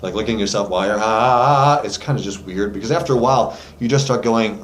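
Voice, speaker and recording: A man's voice: on the low side, a little fast, few pauses. A man giving a casual singing lesson from his voice studio, talking loosely with plenty of fillers. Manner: loose and chatty, many fillers, demonstrates with sung notes. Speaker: vocal coach. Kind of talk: casual vocal lesson to camera. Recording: echoey room, faint background noise.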